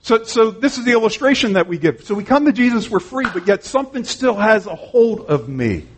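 A man's voice: high voice, big pitch swings, fairly quick, a little hiss or hum. A man preaching an earnest, conversational sermon, retelling conversations and often saying "man". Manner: frequent "man" and restarts.

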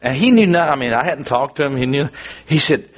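Husky, animated male preacher. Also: medium pitch, a little fast. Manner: earnest, animated storytelling with frequent restarts. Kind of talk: sermon with personal testimony.

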